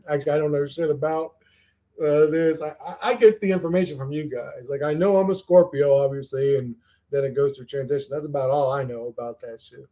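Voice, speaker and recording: Reading his chat on a laid-back livestream, this host has a slightly high voice with a dark tone and a moderate pace. He wanders from topic to topic, curses often, and stumbles over repeated words at the start of sentences.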